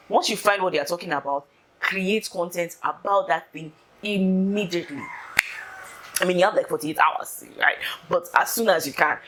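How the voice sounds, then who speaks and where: A woman giving casual social media advice in an animated, instructive way, repeating points for emphasis. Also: fairly low pitch. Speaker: content creator giving social media tips.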